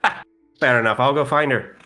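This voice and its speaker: A man's voice: medium pitch, brisk, bright, forceful tone, soft background music, close to an everyday voice. A man voicing a dry, casual female envoy from a small nation. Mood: wry.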